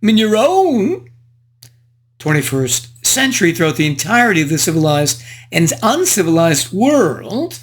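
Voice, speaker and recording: Here the performer's voice is mid-range and very lively, though the delivery runs a little slow. He plays a frivolous English aristocrat and fop, narrating a book review in character with genteel, old-fashioned, flowery diction.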